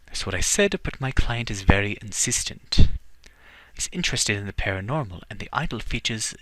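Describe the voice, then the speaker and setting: A man voicing a smooth young cat burglar. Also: fairly low pitch, expressive, normal speed, a bit bright, dry recording. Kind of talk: voice-acted game reading.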